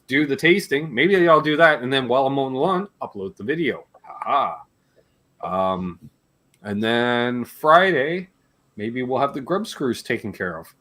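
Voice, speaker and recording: A man's voice: mid-range voice, animated, unhurried, pushed and bright. A man in his forties from Canada, hosting a live guitar Q&A stream in casual, jokey chat. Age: 40s. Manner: rambling and jokey, laughs between remarks.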